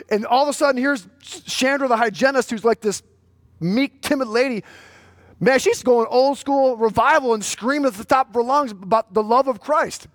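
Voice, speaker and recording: A man preaching a sermon, with a high, bright-edged voice. He drops low to tell a story, then climbs loud and urgent to exhort his listeners. The sound is dry and close. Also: moderate pace, dry recording. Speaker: pastor.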